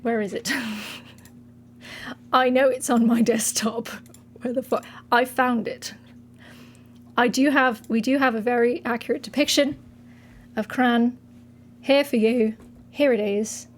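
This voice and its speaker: A woman's voice: fairly high pitch, fairly even intonation, a little hiss or hum, lightly acted. A woman putting on a fake-British talk-show host. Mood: mock-formal. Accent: put-on British. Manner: mock-formal, giggly, halting. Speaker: streamer. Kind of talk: comedic bit on a livestream.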